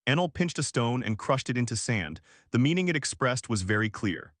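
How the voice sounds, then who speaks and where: A man narrating an audiobook as scripted narration, reading in a flat, even way. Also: medium pitch, brisk, few pauses, no room sound, clean studio sound.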